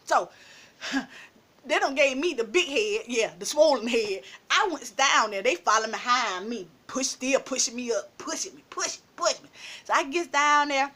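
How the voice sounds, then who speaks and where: A woman vlogger telling a personal story in a casual, animated way, laughing often and calling her listeners baby. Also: sits high, normal speed.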